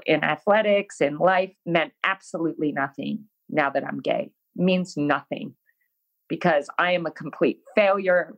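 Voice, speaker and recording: With highs cut off from the audio, a woman with a fairly low voice talks as an interview guest. She candidly tells a story about herself, laughing at her own expense, and acts out her earlier words with energy.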